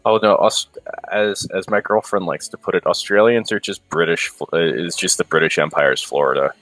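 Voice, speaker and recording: A man's voice: deep voice, steady tone, moderate pace, a bit bright, no echo, soft background music, rough recording. A man co-hosting a casual podcast, reading passages from a history book aloud with hesitant fillers between them. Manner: hesitant, many ums and restarts. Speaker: podcast co-host.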